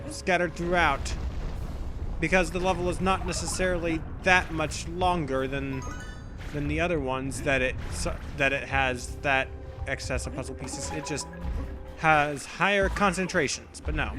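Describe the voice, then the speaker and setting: Rambling young man narrating gameplay. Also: on the high side. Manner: rambling, self-correcting, thinking aloud. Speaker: let's play commentator. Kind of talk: casual gameplay commentary. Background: game music.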